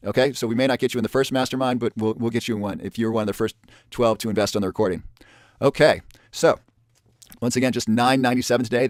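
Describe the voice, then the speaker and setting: A man's voice: medium pitch, a little mellow, no echo. Pushy webinar salesman, dry close sound. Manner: pushy salesman tone, repeats offers and counts down spots. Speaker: webinar presenter.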